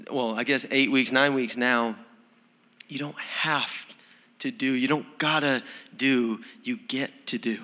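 Young male preacher, bright and forceful, casual earnest delivery, church hall reverb. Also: medium pitch. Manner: earnest, conversational, with frequent fillers and restarts. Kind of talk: sermon. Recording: sermon in a hall with long reverb.

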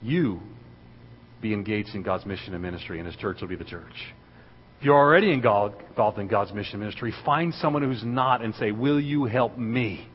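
A man's voice: lowish voice, fairly quick, slight background noise. Man preaching in an echoing church hall. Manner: storytelling, building to loud excited preaching. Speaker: guest speaker. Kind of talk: sermon. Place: church sanctuary. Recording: dull recording in a reverberant hall.

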